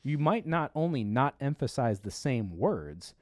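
A man's voice: mid-range voice, very animated, a little slow, no echo, clean studio sound. A man hosting a tech show in casual chat, rambling along with lots of fillers and restarts.

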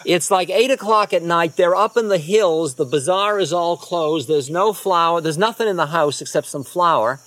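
A man giving a storytelling talk as a spiritual teacher, relaxed and conversational, often dropping into quiet asides. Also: a little high, normal speed, few pauses, no room sound.

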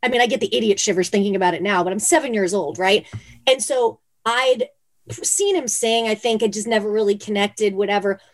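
A woman's voice: medium pitch, brisk. A woman from Phoenix, a former dancer, telling stories as a guest in a casual interview, with lots of "like" and "you know". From Phoenix, Arizona. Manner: chatty, many "like" and "you know" fillers, animated retellings.

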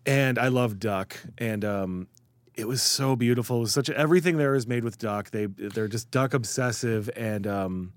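A man's voice: medium pitch, normal speed, no room sound. A man from the Chicago area, a guest writer, telling food stories in a casual interview and acting out the people he quotes. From Chicago area, USA. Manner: animated storyteller, quotes people in lively voices.

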